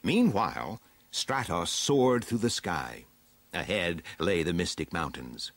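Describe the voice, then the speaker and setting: A man narrating a children's adventure storybook aloud in an expressive, dramatic way. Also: sits low, takes it slowly, no room sound. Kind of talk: storybook reading.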